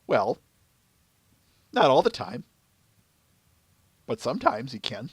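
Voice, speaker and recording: Giggly animated male podcast host. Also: medium pitch, slow pace, pauses often, breathy edge, no echo. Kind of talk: casual chat.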